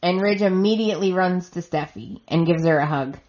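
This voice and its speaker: A woman's voice: on the low side, fairly quick, a little mellow, highs cut off. A woman hosting a podcast, casually recapping a soap opera in a chatty way and retelling scenes with quoted lines. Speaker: podcast host.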